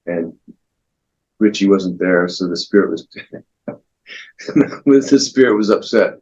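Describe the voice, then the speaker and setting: Low husky man telling rock stories. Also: slow, pauses often, a little mellow, highs cut off. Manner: rambling, anecdotal, many restarts. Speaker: guitarist guest. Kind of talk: relaxed storytelling interview.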